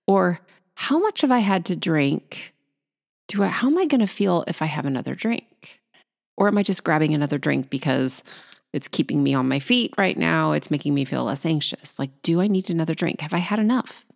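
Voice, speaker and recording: A woman hosting a solo podcast about anxiety, talking quickly and acting out anxious inner thoughts. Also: lowish voice, vocal fry, a little mellow. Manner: fast, tumbling, acts out anxious inner voices. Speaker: podcast host.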